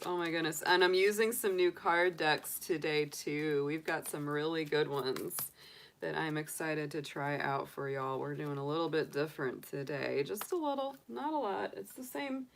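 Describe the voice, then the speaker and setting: A woman's voice: deep voice, vocal fry, slight background noise. A woman hosting a casual tarot livestream, chatty and cheerful, greeting viewers by name as she chats along. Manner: cheerful and enthusiastic. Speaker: tarot reader and livestream host.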